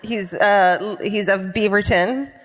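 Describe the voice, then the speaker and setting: A woman hosting a live comedy podcast, telling a true crime story in a profane, animated way on a concert hall stage. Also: mid-range voice, unhurried, background noise. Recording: long concert hall reverb.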